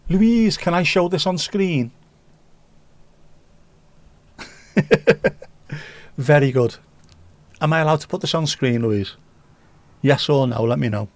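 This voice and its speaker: A man's voice: on the high side, lively intonation, takes it slowly, pauses often, no echo. A man with a Scouse accent from Liverpool, hosting a casual livestream and chatting jokily with his viewers. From Liverpool, England. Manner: chatty, jokey, reads out chat comments. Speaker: livestream host. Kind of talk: casual live chat with viewers.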